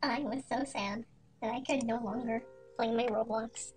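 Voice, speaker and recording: A woman narrating a parody storytime in a quiet, deadpan, mock-serious way. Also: a little high, moderate pace. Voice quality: quiet, soft-spoken. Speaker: storytime animator. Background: faint music.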